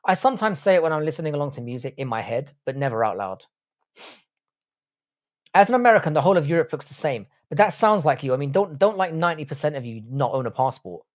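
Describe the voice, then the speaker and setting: A man's voice: a little high, sing-song, quick pace. A man with a British accent, a streamer and university professor, answering his live chat in a crude, blunt, joking way. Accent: British English. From Ireland, raised in England.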